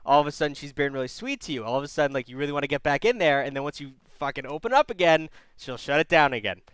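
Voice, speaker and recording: A man's voice: on the high side, lively intonation, rapid-fire, a bit bright, smooth, dry recording. A male call-in host giving blunt, profane relationship advice. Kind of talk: call-in advice show banter.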